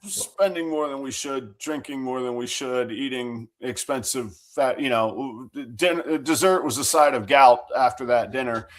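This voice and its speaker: A man's voice: medium pitch, measured pace, hardly any pauses. Man telling a story with dry humor. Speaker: podcast co-host. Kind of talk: casual chat.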